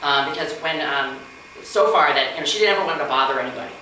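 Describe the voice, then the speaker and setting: A woman's voice: sits low, fast, pushed and bright. A woman in her forties doing open mic stand-up, chatty and self-deprecating, full of fillers and acted-out quotes. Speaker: stand-up comedian. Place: mansion room at an open mic. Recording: very echoey room, far from mic, noisy.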